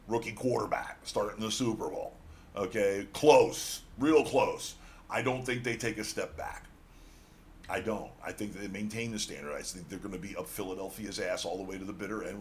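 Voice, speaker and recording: A man's voice: fairly low pitch, slight background noise. A man co-hosting a sports radio show, blunt and teasing as he argues over football picks. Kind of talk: casual sports betting talk.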